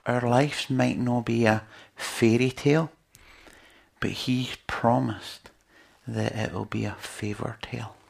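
A man delivers a sermon in a gravelly, slightly husky voice. He preaches in a chatty, earnest way and keeps turning to his listeners with rhetorical questions. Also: medium pitch, steady tone, slow pace.

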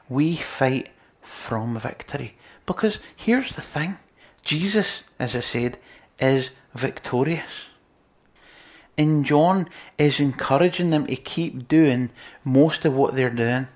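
A man preaching a sermon, earnest, moving between loud emphasis and quiet, near-whispered lines. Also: medium pitch.

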